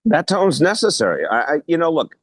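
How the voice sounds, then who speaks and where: A man's voice: a little high, wildly swooping pitch, breathy edge, dry recording. Earnest older man on a video call. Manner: earnest, measured, with frequent restarts. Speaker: guest, former mayor. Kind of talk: political talk show discussion.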